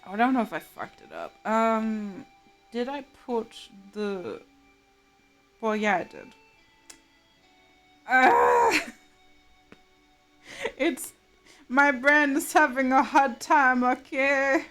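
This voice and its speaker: A woman's voice: on the high side, lively intonation, takes it slowly. A woman streaming live, chatting casually and laughing often while she mutters to herself over her drawing. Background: soft game music.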